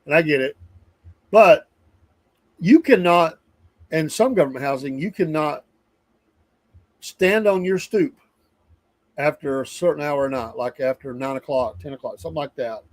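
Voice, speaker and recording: A man's voice: on the high side, moderate pace, dry recording. A middle-aged man with a Southern US accent hosting a live show, venting in a casual, rambling monologue and repeating himself for emphasis.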